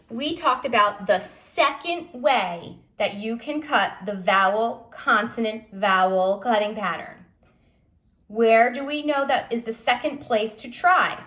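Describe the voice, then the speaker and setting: A woman teacher giving a slow, patient phonics lesson to children, asking them questions as she goes. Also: on the high side, bright, forceful tone.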